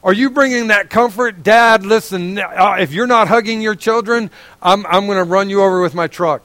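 A man's voice: high-pitched, moderate pace, fairly bright tone, no echo. A middle-aged man preaching a sermon, fervent and folksy, pleading with his listeners. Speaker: pastor.

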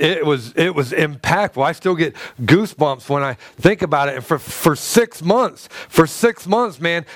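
A man preaching a sermon through a personal story, halting and stumbling over repeated words, and acting out the dialogue. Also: a little high, fairly bright tone, no echo. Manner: acts out quoted dialogue in his stories.

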